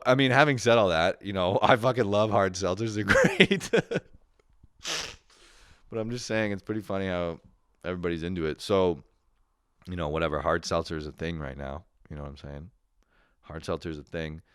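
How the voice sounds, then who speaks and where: A man's voice: fairly low pitch, normal speed, long pauses, clear, resonant tone, dry recording, clean studio sound. A young man hosting a casual solo podcast, swearing, laughing and mocking others in impressions. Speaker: podcast host.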